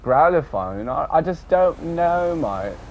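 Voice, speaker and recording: A man rambling casually about an online game session, swearing often and tacking on a low, dropped "mate". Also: big pitch swings, slow pace, darkish tone. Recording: dull lo-fi audio with faint background noise.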